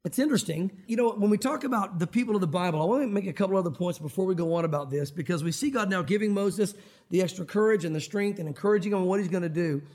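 A man preaching a sermon as a pastor, animated and acting out Bible scenes. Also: sits high, very fast. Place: church sanctuary.

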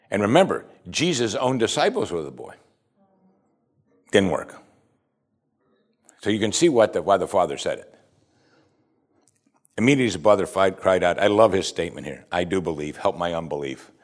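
Male pastor, lowish voice, easygoing sermon style that mixes scripture reading with rhetorical questions. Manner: conversational, asks the listeners rhetorical questions; reads scripture aloud and stops to comment.

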